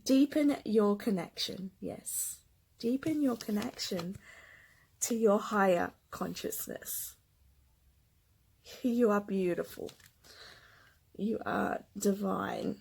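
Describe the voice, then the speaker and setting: Slow, husky-voiced woman reading cards. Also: medium pitch, rough recording. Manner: gentle, emotional, slow with soft whispered asides. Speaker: tarot card reader. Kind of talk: spiritual card reading.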